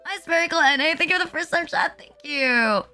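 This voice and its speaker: A young woman, her voice high and bright, chatting on a live stream. She rambles and puts herself down, piling "like" into almost every phrase, while faint music plays behind her. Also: a little fast. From Philippines. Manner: rambling, filler-heavy, self-deprecating. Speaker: VTuber streamer. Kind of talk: casual live-stream chat.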